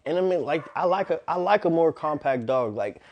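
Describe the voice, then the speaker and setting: A fairly high-voiced man chatting casually about his work as a dog trainer. He tells stories with energy and slips into quoted voices as he goes. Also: fairly quick, slight background noise. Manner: animated storyteller, acts out quoted voices. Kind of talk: casual interview chat.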